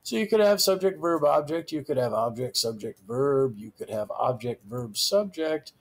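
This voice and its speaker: A man delivers a recorded grammar lecture in a slightly husky voice. His pitch moves a lot, lifting on key terms and dropping at the ends of phrases. He speaks slowly and deliberately, stressing each new word. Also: animated. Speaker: teacher.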